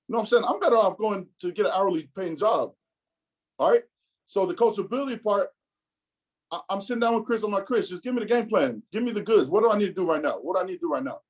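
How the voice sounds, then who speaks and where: A man in his thirties giving an animated motivational talk, acting out quotes as he tells his story. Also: high voice, low-quality recording. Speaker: business speaker.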